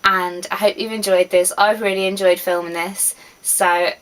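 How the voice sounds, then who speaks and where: Woman in her twenties, casual vlog chat, laughs easily, trails off softly. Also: medium pitch, level tone, moderate pace, poor audio. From West Midlands, England. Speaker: vlogger.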